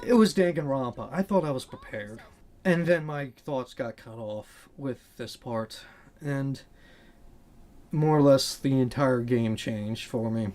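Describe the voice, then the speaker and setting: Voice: medium pitch, unhurried, a little mellow. A channel host giving candid, earnest commentary on a video game, blunt and swearing casually.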